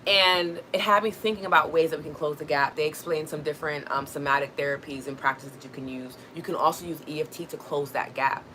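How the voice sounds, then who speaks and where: A young adult woman hosting a spiritual wellness livestream, talking gently and reflectively and answering viewers' comments. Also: low-pitched, steady tone, fast talker, hardly any pauses, a little hiss or hum, rough recording. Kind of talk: casual spiritual talk to a live audience.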